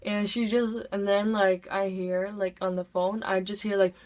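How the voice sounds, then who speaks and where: A teenage girl chats through a storytime at a casual, even pitch, leaning on "like" between her phrases. She sounds like she is talking straight into a camera from home. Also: a little slow. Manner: chatty, heavy use of "like". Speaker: vlogger.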